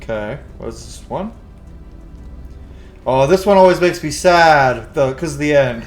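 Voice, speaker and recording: A man's voice: on the high side, animated, measured pace, faint music behind. A man giving casual gameplay commentary, candid and emotional, swearing freely. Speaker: let's play host.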